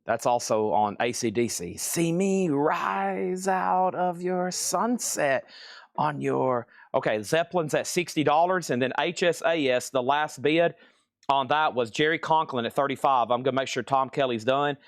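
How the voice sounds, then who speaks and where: A man running a live record sale, calling out items, bids and prices in a brisk, chatty way. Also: medium pitch, no room sound, clean studio sound.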